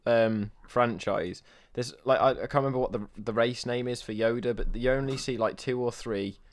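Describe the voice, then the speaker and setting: A man's voice: mid-range voice, moderate pace. A young man co-hosting a podcast, rambling and joking with many fillers and restarts. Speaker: podcast co-host. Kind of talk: casual chat.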